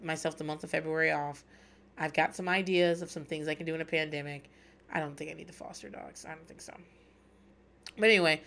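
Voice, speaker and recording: A woman's voice: fairly low pitch, a bit bright. A woman in her thirties hosting a podcast, chatting candidly and swearing freely as she recaps a show. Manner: profane, candid and wry. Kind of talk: casual chat.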